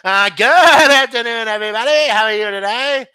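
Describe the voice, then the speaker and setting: A man doing a shrill, excitable sports radio host. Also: smooth, dry recording, studio quality. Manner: high, loud, drawn-out, stammering.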